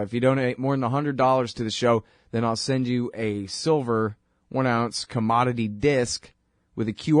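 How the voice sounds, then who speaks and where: A man's voice: mid-range voice, no room sound. Dry-voiced man hosting a radio show. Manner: rambling, wry, conversational, quick asides. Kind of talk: casual monologue.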